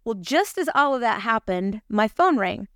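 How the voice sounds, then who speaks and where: A woman's voice: a little high, sing-song, normal speed, no echo, clean studio sound. A woman hosting a gospel lesson podcast, mixing scripture with chatty, confiding personal stories. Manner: chatty, confiding, self-deprecating.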